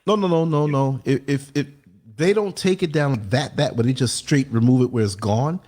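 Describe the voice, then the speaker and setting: A man hosting a casual livestream talk show, telling lively stories and often checking in with "you know what I mean". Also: medium pitch, moderate pace. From United States. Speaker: podcast host.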